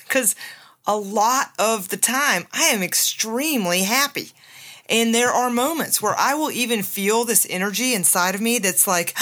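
A woman's voice: medium pitch, pushed and bright. A woman from the USA hosting a motivational podcast, upbeat and emphatic, laughing often. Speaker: podcast host. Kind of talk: motivational self-help talk.

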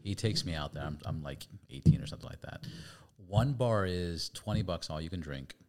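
Deep-voiced podcast host spinning a yarn. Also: male voice, expressive, heavy background noise. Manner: chatty, halting with restarts, acts out voices. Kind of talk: casual storytelling.

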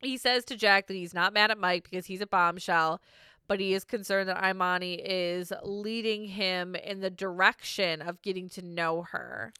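A woman's voice: medium pitch, fairly even intonation, normal speed, pushed and bright, clean tone, no room sound, studio quality. A woman co-hosting a casual podcast, recapping a reality show, laughing often and swearing freely.

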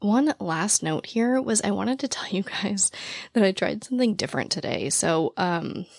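A woman podcast host with a naturally raspy, gravelly voice, talking very fast and excitedly in casual chat, out of breath while standing at the mic. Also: medium pitch, no room sound, clean studio sound. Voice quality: naturally raspy voice with vocal fry. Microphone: studio microphone, standing while recording.

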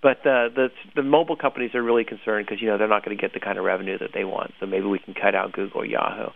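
A man co-hosting a casual news chat, talking in an animated, opinionated way and laughing often. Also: lowish voice, racing, gravelly, few pauses. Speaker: podcast co-host. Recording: tinny phone-line audio.

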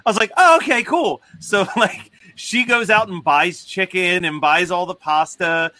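A man's voice: sits high, fairly even intonation, measured pace, pushed and bright, no echo. A man hosting a podcast, telling a story in a casual way and laughing as he talks. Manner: laughs through his stories. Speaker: podcast host.

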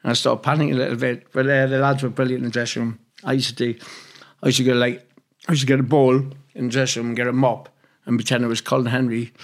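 A man's voice: medium pitch, level tone, fast. A man from Newcastle with a Geordie accent, a former footballer telling rambling, sweary stories in a casual interview. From Newcastle, England. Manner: blunt, swears freely, rambling anecdotes.

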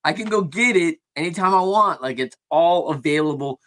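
A man's voice: on the high side, animated, moderate pace, fairly bright tone. A man hosting a podcast interview, chatting casually and enthusiastically, often tagging "man" and "right?". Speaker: podcast host.

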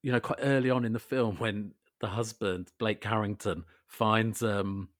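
Low-voiced man with wry, drawn-out emphasis. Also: fairly even intonation, dry recording, clean studio sound. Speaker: podcast co-host. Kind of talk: casual film chat.

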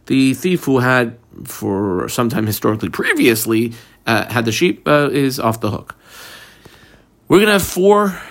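A man leads a text study lesson in an everyday, chatty tone, walking through each opinion one at a time. His voice sits at a middle pitch with a gravelly edge. He reads quoted lines aloud and tells listeners which words to underline. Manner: explains step by step, reading text aloud and marking it up; mixes casual chat with quoted Aramaic terms. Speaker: Talmud teacher. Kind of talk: daily page study lesson.

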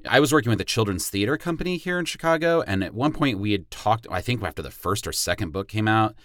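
Male guest in his forties, low voice, dry close sound, relaxed storyteller. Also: quick pace, no echo. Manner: relaxed storyteller with easy laughs. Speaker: podcast guest. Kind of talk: casual podcast chat.

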